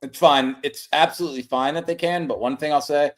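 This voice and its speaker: A man's voice: a little high, steady tone, a bit bright. A man co-hosting a casual sports podcast, telling stories in a worked-up, profane way. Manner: fast, worked-up, profane storyteller. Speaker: podcast co-host.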